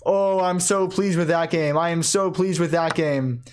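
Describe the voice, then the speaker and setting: The voice is medium-pitched, clear, and resonant as a player talks through their own chess game at home. Their casual commentary is thought spoken aloud, with quick self-corrections and flashes of excitement.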